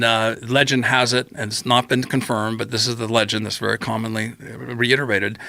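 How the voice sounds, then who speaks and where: A man with a gravelly, creaky edge and a bright, forceful tone tells a personal story as a podcast guest. He talks in an animated, rambling way, jumps into tangents and acts out what he said back then. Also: mid-range voice, no echo. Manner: acts out his own quoted remarks, tangential and repetitive.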